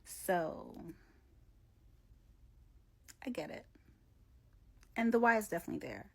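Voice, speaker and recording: Gravelly woman scolding her viewers. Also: medium pitch, very animated, moderate pace, fairly bright tone. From Nigeria. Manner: opinionated, scolding, with sighs and laughs. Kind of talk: commentary video.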